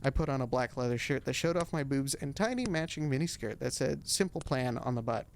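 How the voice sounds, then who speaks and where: A male streamer reads a story aloud in a mid-pitched voice, narrating straight and breaking off for dry, deadpan asides. The delivery is comic and conversational. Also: a little fast, vocal fry, a little hiss or hum. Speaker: streamer reading a fanfic aloud. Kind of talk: comedic dramatic reading with asides.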